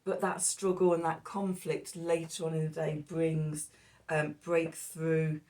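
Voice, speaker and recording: A woman's voice: low-pitched, level tone, a little slow, mellow, far from the mic. A woman reading tarot and astrology in a loose, rambling way, stopping herself and using fillers, with a cough that keeps breaking in. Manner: rambling, self-interrupting, with fillers. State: coughing, hoarse. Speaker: tarot reader. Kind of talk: casual astrology and tarot talk.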